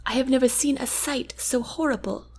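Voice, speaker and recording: A woman voicing a thoughtful, guarded young queen in an audiobook, formal and measured. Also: high voice, a little mellow, slight background noise, pitched above the performer's own voice. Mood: earnest. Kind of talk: audiobook character reading.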